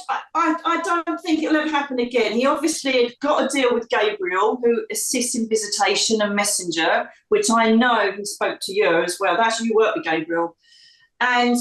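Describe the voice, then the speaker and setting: A middle-aged woman from the UK tells a personal story as a guest, animated and quick to act out other people's lines. Her voice sits a bit high and sounds roomy, as if she is some way back from the microphone. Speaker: psychic medium guest. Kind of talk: emotional storytelling interview. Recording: echoey room, distant from mic.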